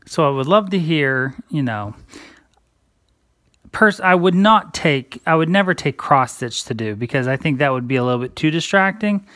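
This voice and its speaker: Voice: medium pitch, expressive, moderate pace, a bit bright, no echo. A cross-stitch vlogger chatting casually and rambling on while stitching.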